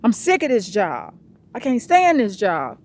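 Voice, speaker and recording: A woman's voice: mid-range voice, huge pitch swings, a little slow, darkish tone. A woman voicing an exasperated police officer who vents and curses about the job. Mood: fed up. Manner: venting, cursing, exasperated.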